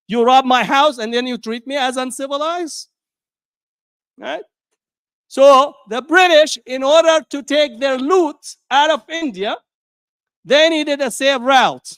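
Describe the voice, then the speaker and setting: A man's voice: very high-pitched, a bit bright, clean tone, no echo. A middle-aged man giving a public lecture, who speaks emphatically and rhetorically and keeps checking in with "right?" asides.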